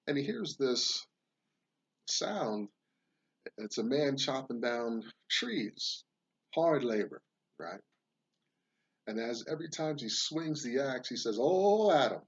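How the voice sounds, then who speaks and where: A man's voice: mid-range voice, sing-song, takes it slowly, long pauses, a bit bright, husky, highs cut off. A man hosting a casual monologue, rambling into a folksy parable and now and then doing voices for its characters. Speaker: podcast host.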